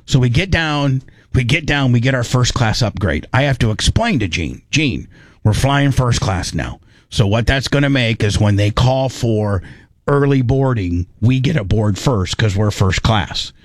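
A man's voice: mid-range voice, measured pace, dry recording, studio quality. A man telling a long, rambling story in casual talk, acting out what people said. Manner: animated, rambling, acts out quotes.

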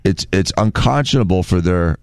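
A man's voice: low voice, lively intonation, moderate pace, darkish tone, clean tone, no room sound, studio quality. A man co-hosting a talk radio show, explaining things in a confident, matter-of-fact way. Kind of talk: casual talk radio banter.

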